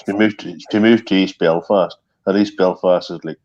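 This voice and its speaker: A man's voice: low voice, steady tone, moderate pace, darkish tone. A middle-aged man, chatting casually and profanely on an online call, full of ums and restarts. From Northern Ireland. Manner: rambling, profane, many ums. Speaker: stream co-host. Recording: dull lo-fi call audio.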